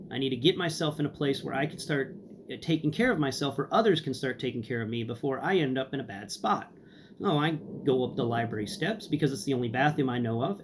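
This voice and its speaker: A young man with a medium-pitched voice casually tells a dramatic personal story over background noise. He's animated and theatrical, acting out what people said as the host and storyteller.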